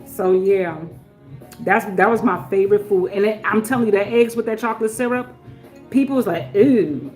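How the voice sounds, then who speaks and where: A middle-aged woman hosting a casual livestream, talking straight to her viewers. She moves between quiet, murmured blessings and loud, laughing bursts of excitement. Faint music plays underneath her voice. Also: medium pitch, brisk. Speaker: livestream host. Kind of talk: casual live-stream chat.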